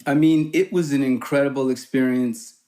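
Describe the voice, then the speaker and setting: A man chatting as a podcast guest, telling stories with lively pitch and acting out the voices he quotes. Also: moderate pace. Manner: animated storyteller, acts out quoted voices with jumps in pitch. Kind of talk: casual chat, storytelling.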